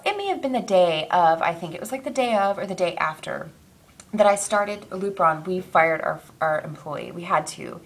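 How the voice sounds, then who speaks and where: A woman's voice: fairly low pitch, animated, moderate pace, gravelly. A young woman talks straight to her camera in a casual personal vlog. She rambles and trails off, filling gaps with ums and small laughs as she works through something emotional. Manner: rambling, emotional, self-interrupting with fillers and laughs. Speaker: vlogger.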